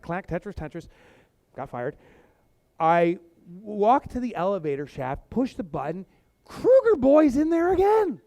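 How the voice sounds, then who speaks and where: Brief: middle-aged man, keynote speaker on stage, high and very lively voice, dry close sound, playful storyteller who acts out his lines. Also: no room sound. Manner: animated, acts out voices for comic effect. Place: stage before a live audience.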